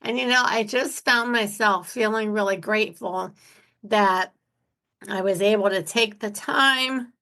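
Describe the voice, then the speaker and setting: A woman's voice: mid-range voice, unhurried, bright, forceful tone. A woman hosting her own real estate investing podcast from home, talking in a candid, chatty and enthusiastic way. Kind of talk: casual solo podcast talk.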